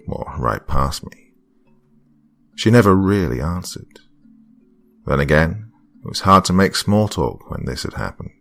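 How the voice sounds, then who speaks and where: A man with a very low, deep voice reads a first-person horror story. His delivery is hushed and dramatic and often drops to a whisper. Faint music plays underneath. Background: faint background music.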